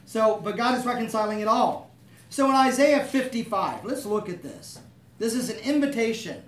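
A man's voice: high-pitched, animated, normal speed, fairly bright tone. A man preaching a sermon, talking conversationally and asking the room to agree with him. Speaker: pastor. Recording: echoey room, voice from a distance.

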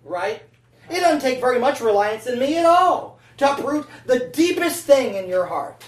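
A preacher with a high-pitched, expressive voice speaks at normal speed, keeping the sermon conversational and regularly asking the congregation "right?" and "amen?". The audio sounds roomy, captured from a distant mic.

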